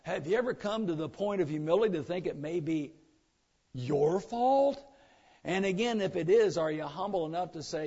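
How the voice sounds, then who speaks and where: A high-voiced man with a drawl preaches with lively, joking energy, slipping into mocking voices of complainers. The recording sounds a bit dull and lo-fi. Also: moderate pace, breathy edge. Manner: animated, joking, mimics complainers. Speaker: pastor. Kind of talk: sermon.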